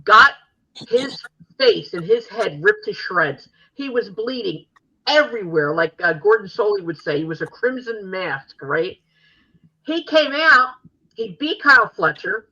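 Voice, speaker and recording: An older woman hosts a podcast in casual chat and gushes like an excited fan. Her voice is bright and forceful. The recording sounds dull and lo-fi. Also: mid-range voice, a little slow, slightly rough. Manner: animated, gushing fan storytelling. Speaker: podcast host.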